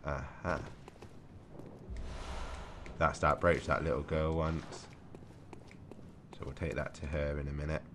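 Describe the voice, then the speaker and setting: A man's voice: very deep voice, little pitch movement, slow, pauses often, noisy background. A man giving live gameplay commentary for a let's play, chatting to himself as he plays and swearing mildly. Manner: chatty, talks to himself while playing, mild swearing.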